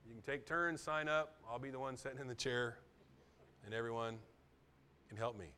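A middle-aged man preaching a sermon as pastor, dropping to soft, near-whispered asides and then building to loud, emphatic repetitions. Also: medium pitch, moderate pace, slight background noise.

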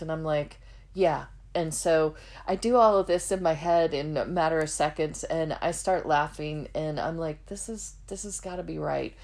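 A woman's voice: low voice, normal speed, darkish tone. A woman podcast host telling her personal faith testimony in an earnest, heartfelt way, acting out the dialogue in her story.

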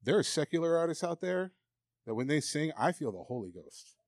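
A man's voice: fairly high pitch, very animated, a little fast, a little mellow, dry recording, clean studio sound. A man preaching a sermon, emphatic and candid, reading scripture aloud and acting out the doubting voices people hear. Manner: emphatic, candid, acts out mocking inner voices.

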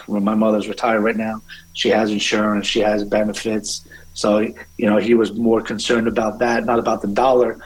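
A man's voice: on the low side, rough recording. A middle-aged man, a restaurant owner, telling family stories in an interview, rambling with frequent restarts. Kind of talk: conversational interview storytelling.

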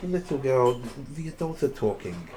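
A man voicing a tall, haughty female cat-person rival who talks down to others with drawn-out, condescending sneers in a tabletop game. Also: medium pitch, very animated, mellow, slight background noise, natural voice. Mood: sneering.

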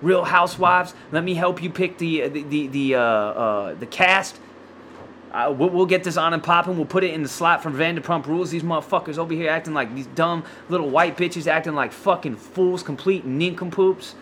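Solo podcast host, male, winded and hoarse-throated, swearing nonstop, high-ish bright forceful voice. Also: moderate pace, slight background noise. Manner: loud, swearing, slangy, stammering restarts. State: out of breath, sore throat. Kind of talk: profane solo podcast rant.

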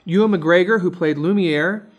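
A man's voice: sits high, moderate pace, muffled recording. Rambling man chatting about films. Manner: relaxed, rambling, frequent fillers. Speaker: podcast co-host. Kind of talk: casual movie review chat.

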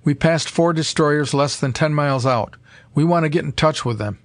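A man's voice: on the high side, normal speed, dry recording, lightly acted. A man reading the lines of a determined male scientist in a clipped, decisive way, close to his own voice. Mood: excited.

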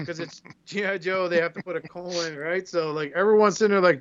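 A man's voice: sits high, steady tone, fairly quick, fairly bright tone, dull audio. A man co-hosting a podcast in casual chat, telling rambling profane stories and acting out quotes. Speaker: podcast co-host.

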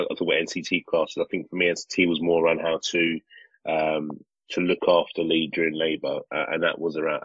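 Telling a story in casual podcast chat, this co-host and father has a very deep, husky voice. He rambles and keeps restarting, staying animated throughout, on a dry, slightly dull recording like a lo-fi mic.

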